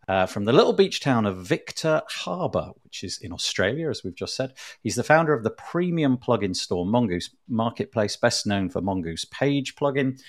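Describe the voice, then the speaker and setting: Lively low-voiced male podcast host. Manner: chatty, self-deprecating, laughs often. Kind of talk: casual chat.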